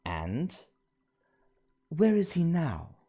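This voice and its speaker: Man doing a stern, anxious old woman professor with a lively delivery. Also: fairly high pitch, extremely slow, husky, soft background music, voice pushed up, heavily acted. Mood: insistent. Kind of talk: reading game dialogue aloud.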